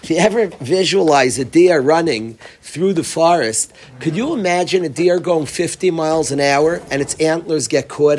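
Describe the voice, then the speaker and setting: A man's voice: fairly high pitch, darkish tone, slight background noise. A man teaching an informal Torah class, repeating key phrases and mixing Hebrew terms with casual asides. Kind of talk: informal Torah lecture with stories.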